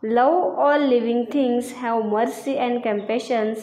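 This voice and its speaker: Slow, echoey woman teacher reading answers. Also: on the high side, mellow. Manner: repeats each answer slowly, asks check questions. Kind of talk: slow classroom lesson reading answers aloud. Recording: echoey room.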